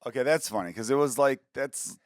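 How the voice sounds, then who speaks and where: A man chatting casually as a podcast guest, telling loose, crude stories quickly. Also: mid-range voice, dry recording, clean studio sound. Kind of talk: casual chat.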